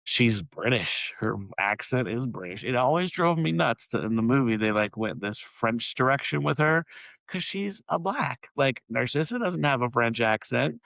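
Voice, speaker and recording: A man's voice: medium pitch, lively intonation, moderate pace, creaky, fairly bright tone, dry recording, poor audio. A man co-hosting a podcast, chatting casually and rambling with many fillers and laughs. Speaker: podcast co-host. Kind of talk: casual chat.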